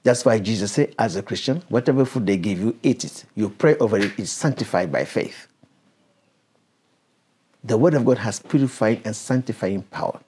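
A man's voice: on the low side, expressive, normal speed, mellow, slightly rough. A man preaching and teaching a Bible passage, stopping the reader to explain verses and question her.

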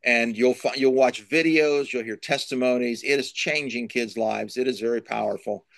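A middle-aged man answers interview questions like a preacher, stacking lists and repeating his main points for emphasis. His voice sits at a medium pitch, recorded dry and close with no room sound. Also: moderate pace, vocal fry, fairly bright tone, no room sound. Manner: emphatic, repeats key phrases, builds lists. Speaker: Christian author and speaker.

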